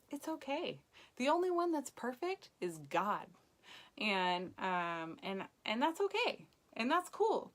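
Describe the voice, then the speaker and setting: A woman's voice: medium pitch, fairly bright tone. A woman leading a direct-sales team, giving a chatty motivational live video talk with lots of ums. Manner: encouraging, chatty, frequent ums.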